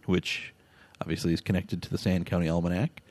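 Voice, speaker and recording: A man's voice: low-pitched, flat delivery, fairly quick, darkish tone. A man hosting a casual podcast, laughing often and telling stories with animation. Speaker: podcast host. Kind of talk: casual chat.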